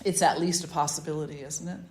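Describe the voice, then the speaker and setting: A woman leading a satsang as a spiritual teacher, giving an informal talk full of anecdotes, animated and chatty, often laughing and restarting her sentences. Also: low-pitched, fast talker. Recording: roomy echo.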